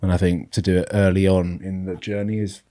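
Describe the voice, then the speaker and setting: A British man co-hosting a podcast, talking in a relaxed, reflective way and giving measured advice. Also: sits low. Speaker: podcast co-host. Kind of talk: casual chat.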